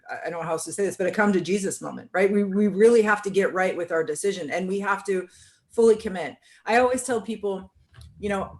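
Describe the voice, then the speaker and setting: Reflective woman hosting a podcast. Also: medium pitch. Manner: reflective, with many restarts and "I mean". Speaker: podcast host. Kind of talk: casual conversation.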